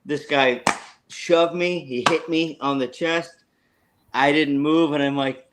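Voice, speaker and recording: An American man hosting a casual chat, telling stories in a crude, animated way. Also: fairly high pitch, a little slow, clean tone. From United States. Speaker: host.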